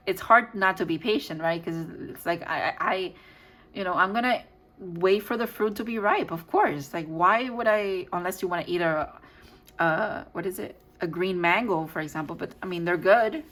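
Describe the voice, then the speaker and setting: A woman with a somewhat low voice talks through a tarot reading in a loose, unscripted way. She thinks out loud, stumbles and corrects herself mid-sentence. She breaks into soft laughter every so often. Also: low-quality recording. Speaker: tarot reader. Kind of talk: casual tarot reading to viewers.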